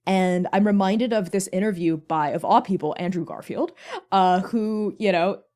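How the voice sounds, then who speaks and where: A woman's voice: medium pitch, moderate pace, a little mellow. A woman speaking on a convention panel in a casual, earnest way, full of "like" fillers. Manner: chatty, frequent "like" fillers, earnest.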